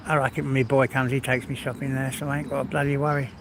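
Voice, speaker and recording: A man's voice: medium pitch, flat delivery, quick pace, vocal fry, background noise. An English man hosting a casual outdoor livestream chat, slightly out of breath, rambling and down-to-earth. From England. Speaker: livestream host. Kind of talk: casual walk-and-talk chat.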